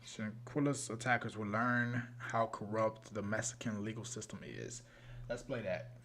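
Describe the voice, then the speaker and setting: A man's voice: fairly low pitch, normal speed, fairly bright tone, slight background noise. A young man co-hosting a livestream, telling stories in a rambling, laid-back way full of slang. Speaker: co-host of a true crime livestream. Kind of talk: casual livestream chat.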